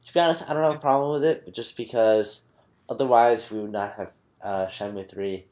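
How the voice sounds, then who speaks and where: A tipsy man hosting a casual podcast, talking haltingly with many pauses and fillers. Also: on the low side, a little mellow. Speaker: podcast host.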